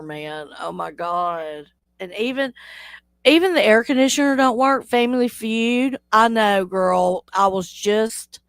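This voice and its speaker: This livestream host has a fairly low voice and keeps things casual, reading chat out loud while joking with her audience and laughing frequently. The recording is dry and studio-clean.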